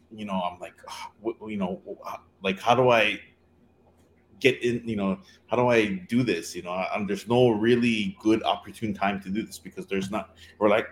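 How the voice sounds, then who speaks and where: A man tells a story in a relaxed chat. He rambles, leans on fillers and acts out quoted lines. A faint hum of the room sits behind him. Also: deep voice.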